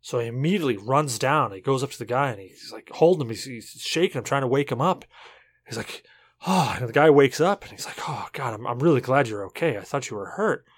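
A man's voice: mid-range voice, animated, brisk, slightly rough, dry recording. A tipsy man co-hosting a podcast, rambling through a long joke with many restarts. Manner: rambling, self-interrupting, tipsy storytelling. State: drunk. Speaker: podcast co-host. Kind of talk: casual chat, telling a joke.

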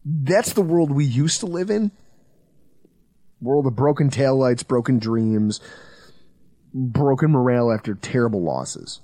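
Animated male sports podcast host. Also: measured pace, long pauses, no echo. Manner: animated, storytelling, swings between low intensity and loud outbursts; swears casually.

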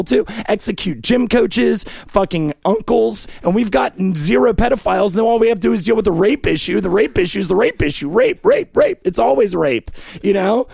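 A man with a gravelly, creaky voice rants through an improvised comedy bit, profane and erratic. He pitches his voice somewhat high and often lapses into a sing-song lilt. The sound is dry and close. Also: darkish tone, no room sound. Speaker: comedy show host.

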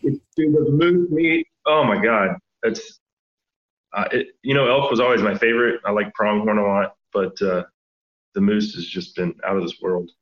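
A man's voice: on the low side, moderate pace. A male podcast guest in casual chat, telling stories in a laid-back, easygoing way. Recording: roomy, dull lo-fi sound.

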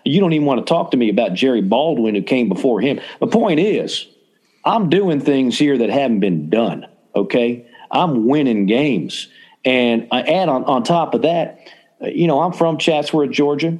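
A brash, cocky Southern college football coach , as a podcast host puts him on. He drawls in a put-on Southern accent at a mock press conference, bragging about his record and getting defensive. His voice sits at an ordinary male pitch. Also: lively intonation, normal speed, darkish tone, husky. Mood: boastful.

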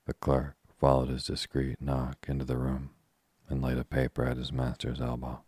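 Very deep, husky male sleep-story reader. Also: no echo. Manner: slow, steady, soothing reading. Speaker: audiobook reader. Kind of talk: calm sleep-story narration.

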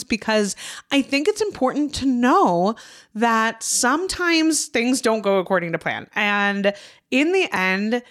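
A woman's voice: medium pitch, fairly bright tone. A woman co-hosting a casual podcast, earnest and heartfelt, swearing freely. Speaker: podcast co-host.

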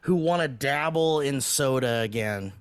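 A man's voice: mid-range voice, unhurried, clean tone, no echo. A man co-hosting a podcast in casual chat, goofy and laughing, trying out silly accents. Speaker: podcast co-host.

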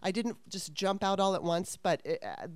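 A woman's voice: medium pitch, moderate pace, no echo. A middle-aged woman, a former actress, candidly telling stories from her career in a frank, self-deprecating way, swearing freely. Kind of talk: candid conversational storytelling.

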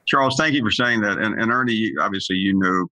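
A man's voice: lowish voice, fast talker, pushed and bright, no room sound. An older man, a sports broadcaster, appearing as a guest and telling stories in casual chat. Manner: storytelling with restarts.

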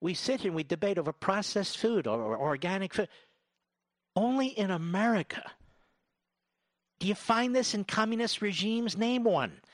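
A man's voice: sits high, sing-song, moderate pace, pauses often, no echo, studio quality. A man giving a sarcastic grocery-aisle rant, rattling off long lists of items. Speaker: commentator. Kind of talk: ranting grocery-store monologue.

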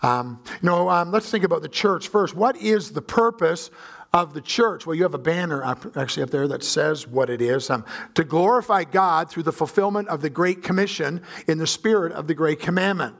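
A man preaching a guest sermon in a church, earnest and conversational, with frequent pauses and filler sounds. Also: on the high side, gravelly, a bit bright. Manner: earnest, many filler uhs and ums. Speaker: pastor. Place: church sanctuary.

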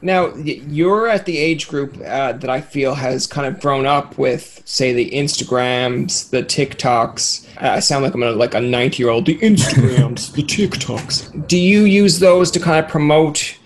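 A man's voice: mid-range voice, moderate pace, hardly any pauses, a little hiss or hum. A man hosting a podcast, chatting casually and rambling through jokey questions, often acting out imagined voices. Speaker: podcast host. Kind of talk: casual interview chat.

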